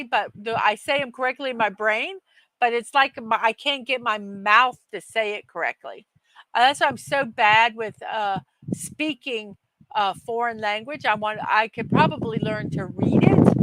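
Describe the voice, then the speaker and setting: A woman with a fairly high voice hosts a daily morning livestream, chatting casually and reading viewer comments aloud. She laughs easily and often while poking fun at herself, and the recording is dry and rough.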